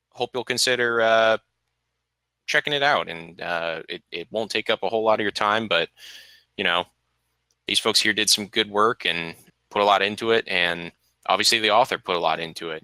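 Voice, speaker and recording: A man on a podcast panel, speaking in a measured, encouraging way with "uh" fillers. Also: lowish voice, pushed and bright, clear, resonant tone, no echo, rough recording. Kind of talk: casual podcast discussion.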